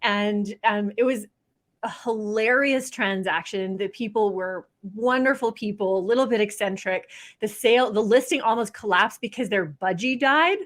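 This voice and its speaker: Woman, podcast guest, upbeat, animated storyteller, casual talk. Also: mid-range voice, moderate pace. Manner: upbeat storyteller, acts out quoted people, laughs often. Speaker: realtor and real estate trainer, podcast guest.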